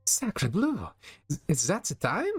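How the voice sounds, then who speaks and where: A man's voice: on the high side, wildly swooping pitch, slow pace, husky, dry recording, clean studio sound, voice pushed up, exaggerated voice. A man voicing a glamorous female pony supermodel who gushes dramatically and drops French phrases. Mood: gushing theatrical. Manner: gushing, dramatic.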